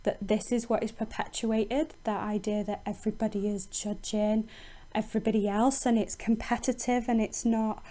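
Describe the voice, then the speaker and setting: A woman's voice: on the high side, level tone, normal speed, dark tone. A woman teacher explaining a poem in a recorded lesson, thinking aloud with frequent ums and restarts.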